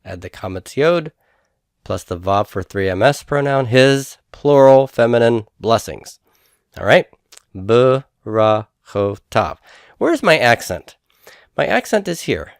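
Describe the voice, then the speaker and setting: A man teaching a grammar lesson, explaining step by step, sounding out syllables slowly and checking in with his students. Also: medium pitch, big pitch swings, no room sound, studio quality. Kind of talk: recorded classroom lecture.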